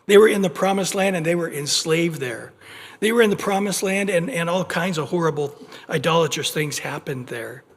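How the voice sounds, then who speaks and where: In a church sanctuary, a pastor preaches an expository sermon in a conversational, animated way, acting out little everyday scenes and restarting his words as he goes. His voice is fairly high at normal speed, with the long reverb of a church hall.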